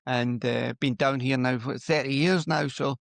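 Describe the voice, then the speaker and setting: A man in his fifties with a Scottish accent softened by a Lancashire lilt, a guest telling relaxed stories in a casual interview. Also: mid-range voice, normal speed, gravelly, no echo. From Scotland. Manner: relaxed, anecdotal storytelling. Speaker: podcast guest, former footballer.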